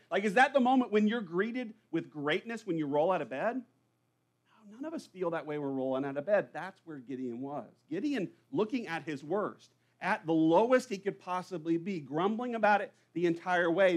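A man's voice: on the high side, lively intonation, normal speed. A man preaching a sermon to a church congregation, conversational and full of rhetorical questions. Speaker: pastor. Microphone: live church recording.

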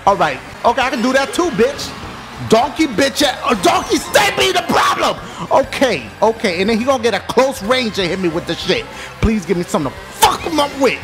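Hyped, high-voiced profane game commentator man. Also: big pitch swings, fairly quick. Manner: loud, profane trash talk, frequent yelling and laughter. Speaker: gaming commentator. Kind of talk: excited let's-play commentary. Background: game music.

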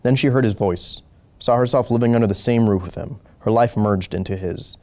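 A man reading a short story aloud as host, slow and deliberate with occasional small slips. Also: fairly low pitch, a little mellow. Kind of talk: measured story narration.

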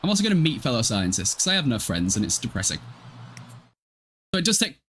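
A gaming livestreamer from Hull, East Yorkshire, England, chats casually with viewers during gameplay, laughing often and swearing freely. His mid-range voice is very animated, fast and fairly bright, with slight background noise.

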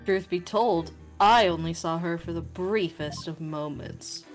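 A woman reads out a haughty young man on the witness stand, aloof and condescending. The voice sits fairly low for her, with faint game music beneath. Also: measured pace. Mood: cold. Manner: cold, condescending. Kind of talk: voicing game dialogue on a stream.

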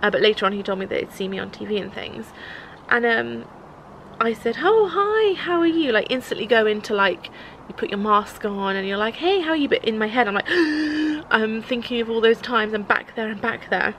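Tearful woman vlogging, halting. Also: medium pitch, level tone, bright, forceful tone, slight background noise, poor audio. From England. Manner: emotional, halting, fillers and restarts, close to tears. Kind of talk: tearful confessional vlog.

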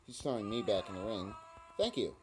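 A man's voice: lowish voice, expressive, a little fast, a little mellow. A young man commentating his own mobile wrestling game, taunting and swearing at his opponent. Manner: trash-talking, taunting, swearing. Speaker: mobile game let's player. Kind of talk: let's play commentary. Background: screen tapping clicks.

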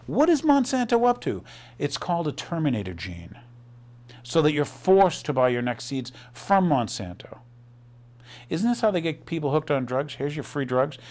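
This man hosts a news commentary monologue full of sarcasm and rhetorical questions, his somewhat high voice swinging lively up and down.

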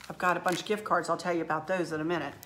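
A woman's voice: on the low side, level tone, very fast, fairly bright tone. A woman hosting a craft channel, chatting effusively and emotionally to a handheld camera at home, her throat a little scratchy. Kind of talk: casual chat to camera.

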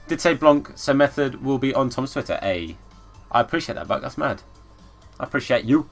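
A young man streams a football game, chatting in a casual way and breaking into excited shouts when the action heats up. His voice sits at a middling pitch. Faint music plays under his talk. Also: moderate pace, creaky. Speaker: gaming streamer. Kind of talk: live-streamed game commentary.

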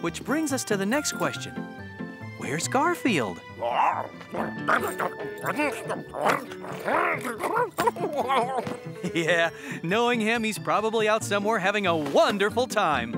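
A man's voice: high-pitched, sing-song, moderate pace. An actor voicing a friendly, easygoing adult male pet owner in a cartoon, speaking cheerfully. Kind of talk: cartoon voice acting. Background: cartoon background music.

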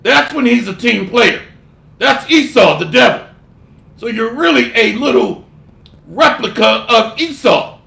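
A man's voice: very high-pitched, animated, a little slow, creaky, bright, forceful tone. A man preaching a scolding sermon, delivering a fiery rebuke and mocking others with put-on voices. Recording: echoey room.

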